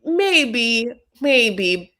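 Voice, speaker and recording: A woman's voice: a little high, sing-song, very slow, sharp tone. A woman hosting a casual chat, rambling through a recap with lots of fillers and acted-out quotes. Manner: rambling, filler-heavy, acts out quotes in funny voices. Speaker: host.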